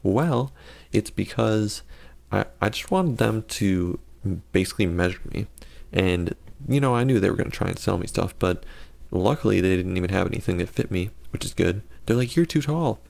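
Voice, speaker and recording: A man's voice: low-pitched, normal speed, gravelly, darkish tone. A man giving casual gameplay commentary and telling a story, rambling and correcting himself with sarcastic asides.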